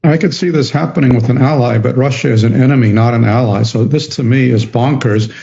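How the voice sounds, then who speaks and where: A man speaking as a political analyst in a TV news interview, measured and emphatic. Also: mid-range voice, creaky, mellow, highs cut off.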